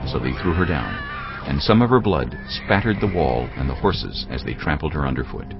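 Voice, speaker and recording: A man with an extremely deep, gravelly voice narrates scripture with lively, rolling intonation. The sound is dull and lo-fi, with soft music beneath. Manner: dramatic, measured storytelling.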